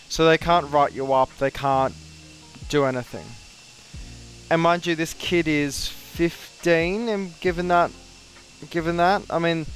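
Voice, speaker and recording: A young Australian man tells a story in casual chat, his voice sitting a little higher than most men's. He talks in an animated way and jumps up in pitch when he quotes people. Faint music plays behind him. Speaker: flight sim streamer.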